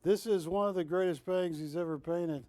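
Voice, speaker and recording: A man with a high, dry voice hosts a live television shopping show. He pitches hard and jokes constantly, teasing his co-hosts between bids. The sound is close and studio-dry. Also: fairly quick, dark tone, no room sound. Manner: jokey, teasing, pushy salesman patter. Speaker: shopping channel host.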